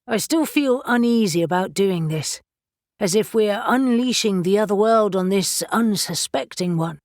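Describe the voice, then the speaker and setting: A woman's voice: medium pitch, expressive, measured pace, darkish tone, no echo, studio quality. A woman voicing a wary, suspicious winged man. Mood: uneasy. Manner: wary, blunt.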